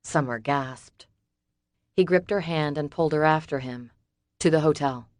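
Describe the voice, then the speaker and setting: A woman narrating an audiobook in an even, measured reading. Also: low voice, dry recording, clean studio sound. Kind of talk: scripted narration.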